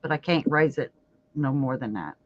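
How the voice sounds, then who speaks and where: Hosting a crochet livestream, this woman has a bass voice and talks at a normal speed with animated energy, laughing often as she chats outspokenly and works. The recording is dry, with dull lo-fi livestream sound.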